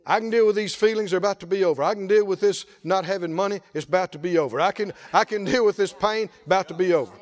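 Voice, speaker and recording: A male pastor preaching a lively sermon, often laughing and calling out to the congregation. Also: high voice, fast talker, hardly any pauses. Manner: animated, laughing, call-and-response preaching.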